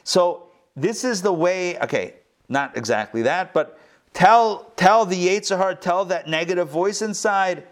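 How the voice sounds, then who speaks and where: A man's voice: high-pitched, animated, measured pace. A rabbi teaching a live class, talking animatedly and often turning to his listeners with rhetorical questions. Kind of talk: live Torah lesson. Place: recorded live at a school.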